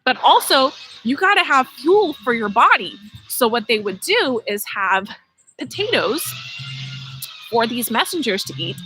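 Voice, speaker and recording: A woman teaching kids about gardening hosts a laid-back live stream outdoors by her vegetable garden, speaking unhurriedly in a fairly high voice. She's animated and playful, addressing viewers directly. The audio is poor, with faint music in the background.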